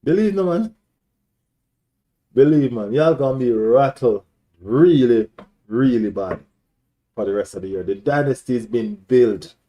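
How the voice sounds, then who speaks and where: A man's voice: mid-range voice, lively intonation, unhurried, pauses often, highs cut off. A man hosting a live stream, ranting as a football fan in an emphatic, repetitive, taunting way.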